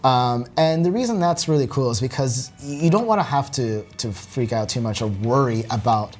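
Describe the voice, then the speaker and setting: A man giving relaxed, halting commentary while demonstrating a video game, with many fillers. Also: mid-range voice. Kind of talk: casual gameplay commentary. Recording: faint game music behind.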